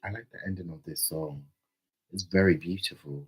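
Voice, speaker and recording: A man chatting casually on a livestream, playful, with sudden loud outbursts. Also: deep voice, moderate pace, husky, low-quality recording.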